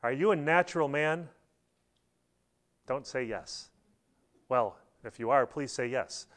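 A middle-aged man preaching a sermon in a church, telling stories and acting out quotes with sudden loud bursts. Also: mid-range voice, slow pace. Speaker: pastor.

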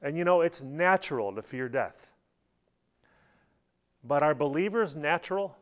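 A middle-aged man delivers a sermon to his church. His voice sits a little on the high side, and he tells his stories in an animated way, now and then breaking into loud, high bursts as he acts out a quote. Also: a little slow. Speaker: pastor.

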